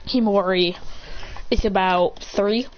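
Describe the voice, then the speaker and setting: A woman's voice: medium pitch, steady tone, unhurried. A woman telling an improvised story in a rambling way, with many fillers and restarts. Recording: dull lo-fi recording with faint noise.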